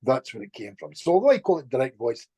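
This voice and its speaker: Husky-voiced man telling a story. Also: medium pitch, fast, no echo. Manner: lively anecdotal telling, frequent restarts and chuckles. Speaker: guest, healer. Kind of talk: casual storytelling in conversation.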